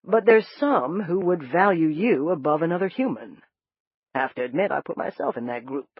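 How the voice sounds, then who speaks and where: A narrator voicing a folksy, gruff but kind older man in an audiobook, talking in a plain-spoken drawl. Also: mid-range voice, animated, moderate pace, no room sound, dull audio. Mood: earnest. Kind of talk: audiobook character voice.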